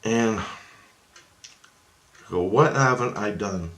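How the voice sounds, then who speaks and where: A vlogger with a somewhat low voice recounts his astral travel in a long, rambling first-person story, cursing a lot and growing more agitated. He acts out the voices of the people involved, speaking slowly with a fairly bright tone as his words echo around the room.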